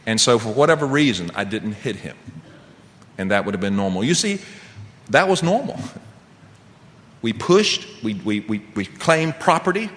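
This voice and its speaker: A man's voice: medium pitch, moderate pace, pauses often. Middle-aged man telling his recovery story. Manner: animated storyteller, asks the audience rhetorical questions. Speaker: AA speaker. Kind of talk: recovery testimony to a meeting. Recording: long reverb, faint background noise.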